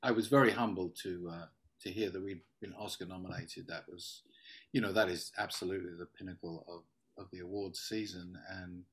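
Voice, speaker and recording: Earnest man, halting interview talk. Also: low-pitched, fairly even intonation. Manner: earnest, halting, falls quiet at phrase ends. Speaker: production sound mixer, interview guest.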